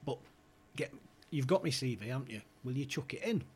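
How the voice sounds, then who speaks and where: A man's voice: medium pitch, animated, fairly quick. A man guesting on a podcast, telling club stories in a chatty way, swearing freely and acting out the people he quotes. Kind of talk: anecdotal storytelling.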